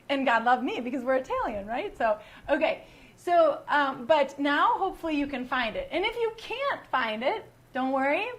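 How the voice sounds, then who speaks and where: A woman from the United States teaching a casual wine class online, her voice high and bright in pitch. She talks in a chatty way and teases her audience with running jokes. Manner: chatty, joking, teasing. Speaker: wine educator and host.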